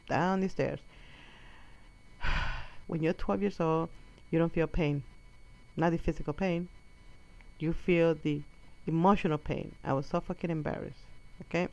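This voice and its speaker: Profane comedian telling a story, lo-fi. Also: female voice, low-pitched, a little slow, creaky. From Colombia. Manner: animated, profane, acts out quotes. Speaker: stand-up comedian. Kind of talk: stand-up storytelling. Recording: dull lo-fi recording.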